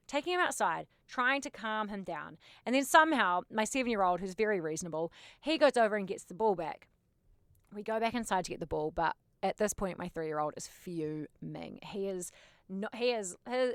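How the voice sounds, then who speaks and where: A woman, hosting a podcast and telling a story in a casual, animated, emphatic way with dramatic asides. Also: medium pitch, clear, resonant tone, no room sound, studio quality. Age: late 30s. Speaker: podcast host.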